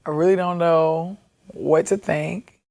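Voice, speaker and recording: A woman candidly recounting her own life in a documentary, halting and reflective, with music behind her. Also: fairly low pitch, fairly even intonation, creaky, warm tone. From Baltimore, USA. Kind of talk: personal documentary testimony. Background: background music.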